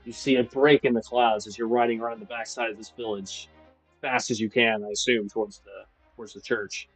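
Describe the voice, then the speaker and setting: A man running a tabletop game as game master, describing scenes at length with many pauses and restarts. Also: on the low side, fairly even intonation, breathy edge, no room sound, low-quality recording. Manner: descriptive, with frequent fillers and restarts. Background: faint music.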